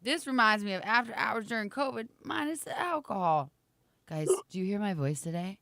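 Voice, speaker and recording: A woman in her thirties with a slight rasp, co-hosting a morning show and chatting casually with viewers. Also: medium pitch, expressive, brisk, bright, forceful tone, no echo. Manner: chatty, reads viewer comments aloud, laughs often. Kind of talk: casual live-stream chat.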